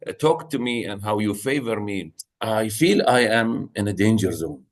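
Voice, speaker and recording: A man co-hosting a leadership discussion, hesitant, often pausing to search for words. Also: fairly low pitch. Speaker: co-host. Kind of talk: casual podcast discussion.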